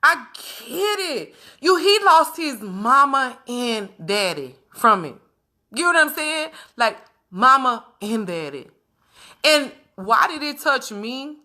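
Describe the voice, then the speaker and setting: A woman talks straight to her viewers in a candid, casual monologue. Her voice sits high and sounds bright and forceful. She leans into her words and repeats phrases to drive them home. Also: slow. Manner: emphatic, repeats phrases for weight, animated. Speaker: vlogger speaking to her viewers.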